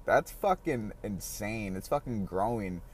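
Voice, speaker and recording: A man's voice: lowish voice, expressive, measured pace, husky. A man hosting a casual solo podcast, rambling in a profane, laughing, chatty way. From San Diego area. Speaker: podcast host.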